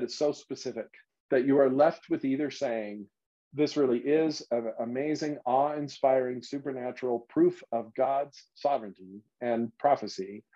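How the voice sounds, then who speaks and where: A man's voice: mid-range voice, mellow. A man leading a casual Bible study, talking emphatically and thinking aloud as he explains. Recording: slightly dull lo-fi recording.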